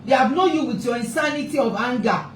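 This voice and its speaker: A woman's voice: high voice, expressive, fast talker. A woman with a slightly raised voice gives an impassioned talk on parenting, hammering her points through repetition. She sits back from the mic in an echoey space, with a faint hum of ambience behind her. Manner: emphatic, repeats points for stress. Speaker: family therapist and parenting speaker. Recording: roomy echo, distant mic, faint ambience.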